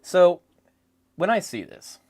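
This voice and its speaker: A man hosting a casual political chat, ranting in a rambling, profane and animated way. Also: high voice, slow, dry recording. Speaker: podcast host.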